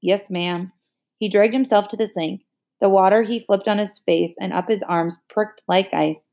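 A woman reading a children's novel aloud in a measured storytelling manner. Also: mid-range voice, fairly even intonation, vocal fry, warm tone. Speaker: audiobook reader.

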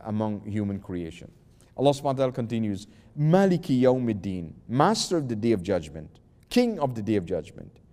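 A man's voice: mid-range voice, mellow, big-room sound. A man giving a patient religious lesson. He recites verses, translates them and explains each word, often repeating himself and restarting with "uh". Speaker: religious teacher.

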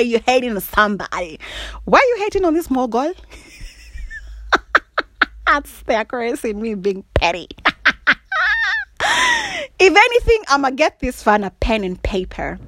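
A woman's voice: on the high side, no echo. A woman chatting casually on her own show, teasing and playful, laughing often and checking in with "all right?". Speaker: podcast host. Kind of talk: casual solo chat.

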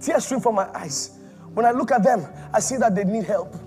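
Male preacher, high voice, fervent and repetitive, soft music underneath. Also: normal speed. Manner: impassioned, repetitive, swings from loud to hushed. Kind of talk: sermon.

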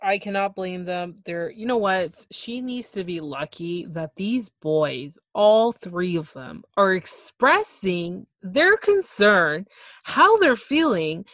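A woman's voice: medium pitch, big pitch swings, slow pace, fairly bright tone, no room sound. A woman co-hosting a podcast, giving opinionated takes in casual recap chat. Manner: opinionated, agreeing and adding emphasis. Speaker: podcast co-host.

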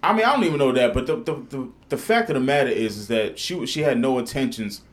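A man hosts a casual podcast from a studio, swearing freely as he tells a story. His pitch swings widely and his delivery stays animated throughout. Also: quick pace. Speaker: podcast host. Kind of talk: casual chat.

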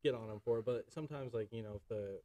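Quick, chatty male guest, slightly off-mic. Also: on the low side, warm tone, no echo, distant mic, poor audio. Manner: chatty, heavy use of "like" and "you know". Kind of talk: casual chat.

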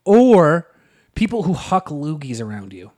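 A man's voice: a little high, big pitch swings, a little mellow. A man co-hosting a podcast in casual chat, joking loosely and swearing. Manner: loose, swearing, jokey, quick bursts. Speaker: podcast co-host.

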